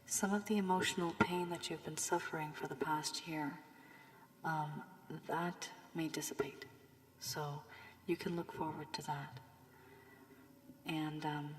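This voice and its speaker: A woman giving a tarot reading with advice, her voice worn from illness, speaking softly and often half-whispering. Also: on the low side. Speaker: tarot reader. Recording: long room reverb, faint background hiss.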